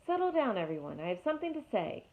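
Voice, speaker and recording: A woman's voice: very animated, fast talker. A woman voicing a fussy, alarmed male owl who screeches, read from a storybook. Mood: announcing. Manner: shrill, screeching. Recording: tinny phone-like audio.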